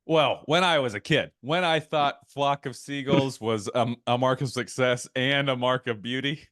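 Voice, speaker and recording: A man's voice: medium pitch, normal speed, fairly bright tone, no echo, clean studio sound. A man co-hosting a casual podcast, talking animatedly and getting worked up, with asides and quoted bits. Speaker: podcast co-host. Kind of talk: casual chat.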